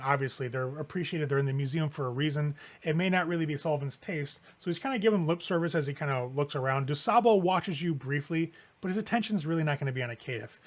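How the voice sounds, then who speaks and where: A man's voice: on the high side, animated, a little fast. A man narrating as game master in a tabletop game, setting scenes casually with lots of fillers.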